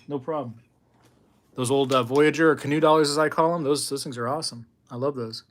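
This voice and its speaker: Brief: man, mid-pitched, casual livestream host, chatty and animated, reads chat aloud. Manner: chatty, reads and answers chat, laughs often; animated storytelling. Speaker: coin collecting livestream host. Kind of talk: casual live-stream chat with viewers.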